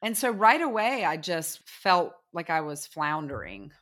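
A woman chatting casually and telling a story in an animated way, acting out the people and sounds in it. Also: on the low side, unhurried.

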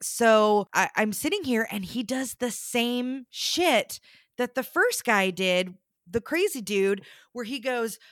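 A woman tells a casual story on a podcast in a bright, forward voice. She acts out the people she quotes with big jumps in pitch. The room is dry and close, with no echo. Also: animated, slow. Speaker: podcast co-host.

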